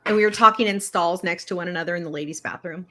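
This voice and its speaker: A woman from California co-hosting a casual livestream, an animated, laughing storyteller. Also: lowish voice, quick pace. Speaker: co-host.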